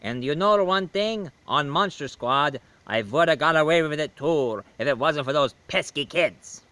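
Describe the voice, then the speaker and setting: Haughty old vampire count, stately and bright-toned, a man putting it on. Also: on the high side, animated, moderate pace, no room sound. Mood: formal.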